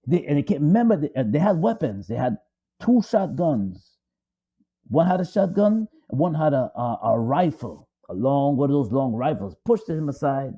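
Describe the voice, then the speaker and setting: A man's voice: on the high side, very animated, moderate pace, mellow, muffled recording. A man co-hosting a talk show, telling a story dramatically with emphatic repetition. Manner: repetitive, emphatic, restarts for effect. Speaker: co-host.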